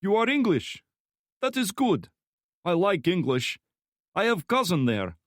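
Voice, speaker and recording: A man's voice: high-pitched, wildly swooping pitch, measured pace, dry recording, studio quality, pitched above the performer's own voice, heavily acted. A male narrator voicing a wiry, jovial Slavic torturer with a heavy Slavic accent who masks threats with friendly banter. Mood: chummy.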